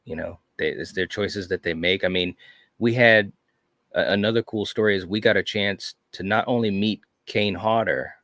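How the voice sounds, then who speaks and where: Deep-voiced male co-host, enthusiastic rambling storyteller, dry close sound. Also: steady tone, moderate pace, a bit bright, no echo. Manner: enthusiastic storytelling, frequent "you know". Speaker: podcast co-host. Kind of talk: casual chat.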